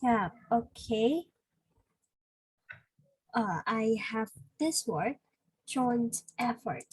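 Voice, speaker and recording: Slow, husky woman teaching vocabulary. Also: on the high side, lively intonation, a little mellow, dry recording, rough recording. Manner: patient explaining with many fillers. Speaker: English teacher. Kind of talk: one-on-one vocabulary lesson.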